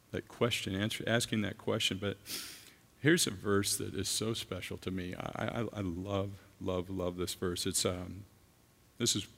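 A man preaching a sermon as a guest speaker, earnest and halting, with frequent restarts. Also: fairly low pitch, gravelly, fairly bright tone. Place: church. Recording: long reverb of a large hall.

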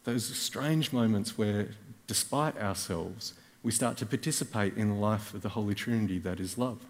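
A man's voice: on the low side, moderate pace. A man with an Australian accent preaching a sermon as a guest speaker, telling a personal story with wry, self-mocking asides. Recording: reverberant church hall.

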